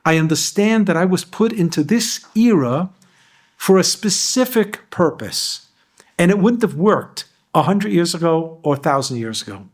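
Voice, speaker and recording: A man's voice: high-pitched, animated, normal speed. A rabbi giving a Torah lecture to a class. He explains Hebrew verses line by line and asks his listeners questions.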